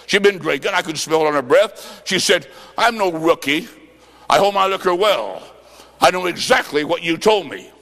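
Man, revival preacher, fervent, storytelling, long hall reverb, church. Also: sits high. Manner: fervent, shouting at peaks, acts out quotes.

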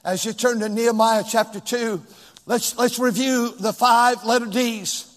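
A male pastor preaching a sermon with call and response to his congregation, rising into shouts. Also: very high voice, steady tone, a little slow. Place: large church hall with two floors. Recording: long hall reverb.

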